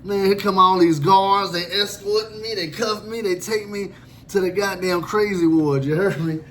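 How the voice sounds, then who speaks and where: High-voiced man telling a wild story. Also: normal speed, a little hiss or hum. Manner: animated, profane and comic, acting out the other people in his story. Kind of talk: casual storytelling.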